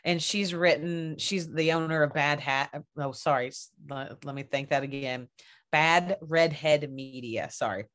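A woman's voice: sits low, unhurried. A woman podcast host in casual chat, candid and laughing often, swearing now and then.

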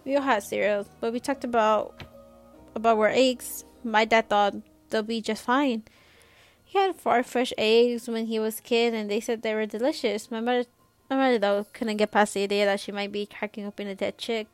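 A woman casually reading a novel aloud in first person, chatty and relaxed with asides. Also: fairly high pitch, normal speed, faint music behind. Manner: chatty, laughs and adds asides. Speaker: reader of a novel.

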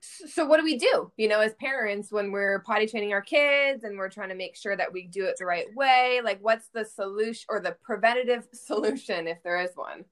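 A woman's voice: medium pitch, fairly quick, hardly any pauses, a bit bright. Curious woman interviewer. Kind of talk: casual interview.

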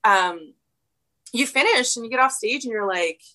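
A woman's voice: a little high, lively intonation, normal speed, sharp tone. A woman, chatting as a podcast guest in a rambling way, often laughing. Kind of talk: casual conversation.

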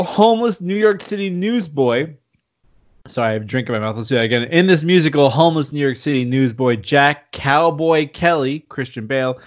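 A man's voice: mid-range voice, highs cut off. Joking podcast host, a man. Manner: jokey, laughing, quick asides. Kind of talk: casual podcast chat.

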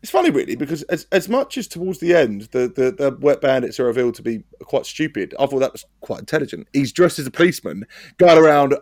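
Male podcast co-host, jokey and sweary, light-pitched, close dry recording. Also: sing-song, quick pace, darkish tone, no echo. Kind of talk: casual chat. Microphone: podcast mic.

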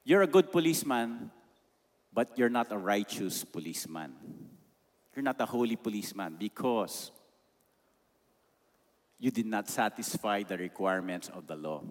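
A man's voice: fairly low pitch, expressive, normal speed, pauses often. A man with a Filipino accent preaching a sermon emphatically, slipping Tagalog phrases into his English. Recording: long reverb of a large hall.

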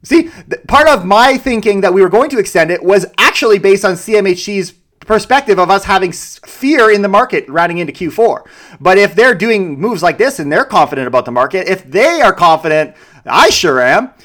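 A young man, a realtor giving daily market commentary in an animated way with joking asides. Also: high voice, a little fast. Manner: animated, joking asides, playful self-mockery.

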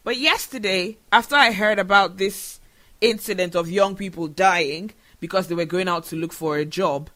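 A man hosts his own podcast and speaks straight to his listeners. His voice sits high and sounds bright and forceful. He talks in an earnest, emotional way. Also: moderate pace. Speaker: show host. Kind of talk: solo podcast commentary.

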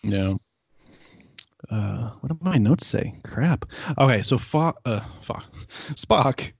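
A man's voice: medium pitch, lively intonation, slow pace, creaky, muffled recording, a little hiss or hum. A man co-hosting a podcast, casually recapping an episode with rambling asides and filler words. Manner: rambling, lots of ums and quoted asides. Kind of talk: casual chat.

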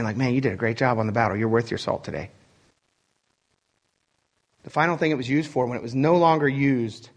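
Man preaching, loose and conversational. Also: medium pitch. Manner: conversational preaching with frequent "right?" asides and chuckles. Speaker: pastor. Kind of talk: sermon.

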